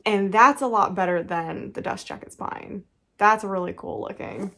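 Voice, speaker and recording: A woman in her thirties chatting casually through a book unboxing, gushing with frequent quick laughs. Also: mid-range voice, gravelly, fairly bright tone, a little hiss or hum. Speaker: book vlogger.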